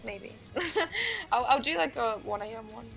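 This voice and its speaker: Chatty Australian woman with a gravelly voice. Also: high-pitched, big pitch swings, measured pace, pushed and bright, faint music behind. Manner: chatty, rambling, laughs often. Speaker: game stream co-caster. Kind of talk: casual stream chat.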